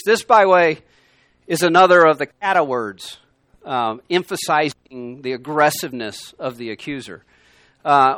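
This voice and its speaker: Guy teaching a bible class, chatty but punchy, bouncy pitch, slightly high voice. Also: animated, normal speed, no echo, studio quality. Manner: conversational, emphatic, swings from loud to quiet. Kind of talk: sermon. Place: room with a gathered class.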